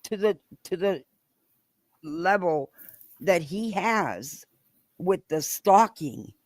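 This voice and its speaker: A woman talking on a live stream, hesitant and halting, often restarting her sentences. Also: fairly low pitch, lively intonation, a little mellow, no room sound, studio quality. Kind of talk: live-stream opinion chat.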